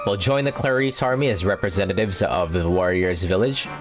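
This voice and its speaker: A man's voice: sits low, a little fast, natural voice. A man reading out a bold young woman's dialogue from a game with stumbles, in his own plain voice. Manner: reads lines flatly with stumbles. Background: game music.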